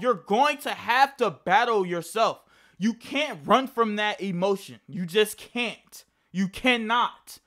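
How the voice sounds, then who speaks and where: A man's voice: high-pitched, fairly bright tone. A young man telling a casual personal story to camera, rambling and profane, often restarting his sentences. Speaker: vlogger.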